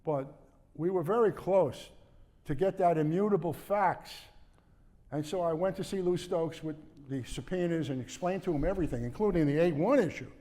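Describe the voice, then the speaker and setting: A man's voice: fairly high pitch, moderate pace, dark tone, in a large hall. An older man, a former prosecutor, recounting events in a rambling interview and acting out the dialogue. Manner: digressive, restarts sentences, acts out quoted dialogue.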